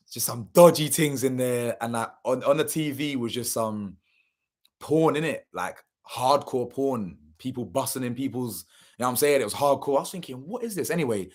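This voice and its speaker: A young man, telling a story casually and animatedly, full of slang and swearing, acting out what people said. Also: mid-range voice. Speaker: channel host.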